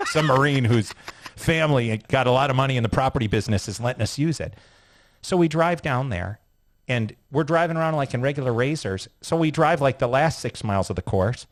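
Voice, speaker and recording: A retired sports car driver, appearing as a guest in a casual interview, tells a story while swearing freely and acting out what people said. He speaks briskly in a mid-range voice.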